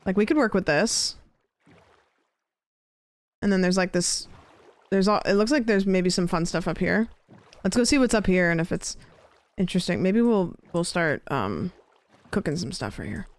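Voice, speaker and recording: A woman's voice: on the low side, lively intonation, moderate pace, long pauses, dry recording. A young woman streaming a game, chatting with viewers in a rambling, casual way. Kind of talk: casual gameplay chat.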